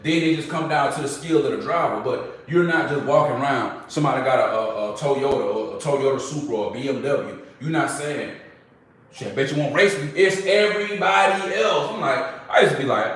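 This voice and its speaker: Recorded from well back, this young vlogger talks to viewers at a normal speed and medium pitch, his drawl running through casual, slangy, animated storytelling. A strongly echoing room surrounds every word.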